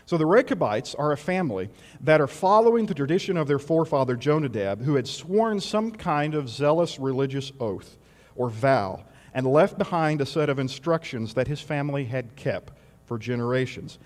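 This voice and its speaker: A man's voice: medium pitch, lively intonation, normal speed, a little mellow, big-room sound. A man preaching a sermon in a conversational way, asking rhetorical questions and adding wry asides.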